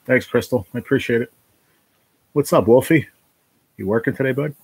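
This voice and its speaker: A man's voice: medium pitch, moderate pace, darkish tone, slightly rough, no echo. A man hosting a casual live stream from a basement room, chatting in a laid-back, rambling way and calling his viewers man and bro.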